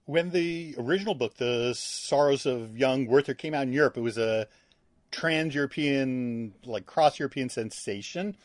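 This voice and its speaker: A man's voice: mid-range voice, moderate pace, dry recording, clean studio sound. A man interviewing a director, asking curious, casual and playful questions.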